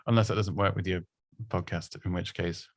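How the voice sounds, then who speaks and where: A man's voice: low voice, steady tone, normal speed, vocal fry, no room sound. A man giving casual, chatty presenting advice, self-deprecating and full of restarts and little laughs. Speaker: presenting coach.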